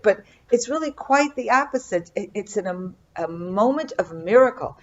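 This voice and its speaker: A middle-aged woman gives an earnest, reflective Torah commentary, often pausing and restarting her sentences. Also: on the high side, expressive, muffled recording. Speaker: Bible teacher.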